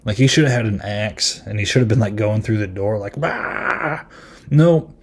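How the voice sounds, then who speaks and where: A man's voice: lowish voice, brisk, a little mellow. A man hosting a podcast and reviewing a film in casual chat, rambling and amused, with lots of ums and likes.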